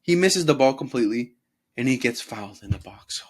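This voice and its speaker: Brief: young male host, casual football rant, profane and animated, mid-pitched voice. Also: a little fast, husky. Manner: profane, animated, mocks players in put-on voices. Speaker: podcast host.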